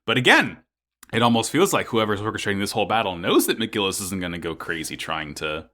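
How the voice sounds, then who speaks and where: A man's voice: on the low side, lively intonation, fairly quick, sharp tone. A man co-hosting a casual podcast, recapping an episode in a joking, swearing way. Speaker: podcast co-host. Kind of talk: casual anime recap chat.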